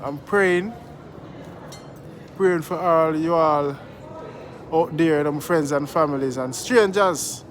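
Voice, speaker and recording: A man's voice: on the high side, slow pace, pauses often. A man with a Jamaican accent, hosting a casual vlog outdoors, laid-back and preachy, greeting passersby and tagging his sentences. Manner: laid-back, preachy, repeats "you see me" tags. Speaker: vlogger host.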